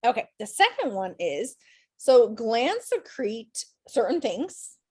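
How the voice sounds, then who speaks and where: A woman's voice: a little high, big pitch swings, slow pace, dark tone, slightly rough. A woman teaching an online class over a video call, chatty and encouraging, her voice tired after a day of teaching. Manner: chatty, encouraging, upbeat with students.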